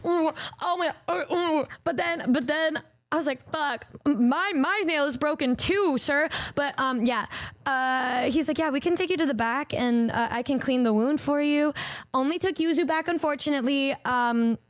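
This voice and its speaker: A young woman streaming as a VTuber, telling stories to her chat in a casual, animated way with frequent swearing and stammered restarts. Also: sits high, moderate pace, no echo, clean studio sound.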